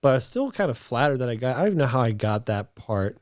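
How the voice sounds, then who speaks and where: A man's voice: medium pitch, sing-song, fast, a little mellow, no room sound. A young man from the United States co-hosting a podcast, chatting casually with a rambling, self-mocking manner. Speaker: podcast co-host. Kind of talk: casual chat.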